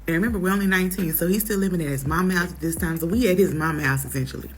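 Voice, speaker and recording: A young woman telling a personal story in a casual, animated way, acting out what others said. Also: fairly low pitch, racing, few pauses, slight background noise. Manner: animated, acts out quotes in others' voices.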